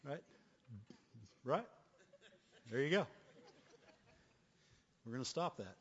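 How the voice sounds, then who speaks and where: Slow and slightly rough, this pastor's mid-range voice swings widely in pitch as he delivers a sermon in a church hall. He leans on repetitive call-and-response, frequently asking "right?" and "amen?", and often stammers and laughs. The audio is lo-fi and dull, with long church reverb.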